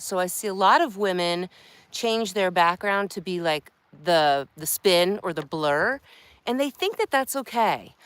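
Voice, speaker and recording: A woman's voice: medium pitch, fairly bright tone, a little hiss or hum. A woman from New York, a marketing coach, talking directly and chattily to her phone camera outdoors. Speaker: marketing coach and live streamer. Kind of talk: casual talking-head vlog. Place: outdoors by a creek. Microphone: phone held by hand.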